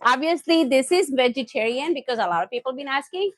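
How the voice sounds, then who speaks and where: A woman hosting a live cooking stream from her home kitchen, excitable and loud, often laughing at herself as she chats with viewers. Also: high voice, fairly quick, no echo.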